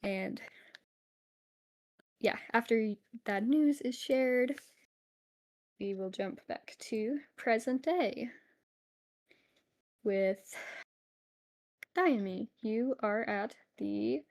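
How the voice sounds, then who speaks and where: A woman narrating as game master of a tabletop game, in a relaxed way with frequent fillers. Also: on the high side, extremely slow, pauses often.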